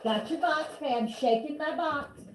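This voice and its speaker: A woman's voice: sits high, normal speed, background noise. A woman teaching a reading lesson over a video call, giving playful, encouraging instructions. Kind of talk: virtual one-on-one lesson. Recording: roomy echo.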